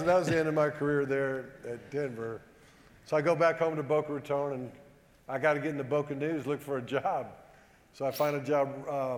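A man telling a humorous, self-deprecating story to a live audience, animated and acting out the dialogue. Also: a little high. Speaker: former football player giving a talk. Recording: echoey hall with long reverb.

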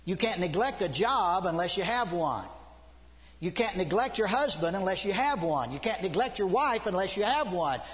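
A middle-aged man preaching a sermon, urgent and emphatic, swinging from loud to hushed. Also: sits high. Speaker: preacher, seminary dean. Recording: long hall reverb.

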